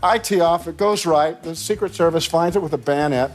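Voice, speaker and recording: A man's voice: a little high, a little fast, slight background noise. Older American man telling rambling stories. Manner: rambling storyteller, laughing, restarts. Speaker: actor telling stories on talk shows. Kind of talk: casual anecdotes.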